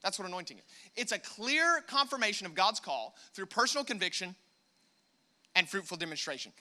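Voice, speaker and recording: American guy preaching, high voice, really bright and sharp, keeps hammering his points. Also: big pitch swings, brisk. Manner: emphatic preaching, rising loud on key points, repeats words; calls on the congregation to respond. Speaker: pastor. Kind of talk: sermon.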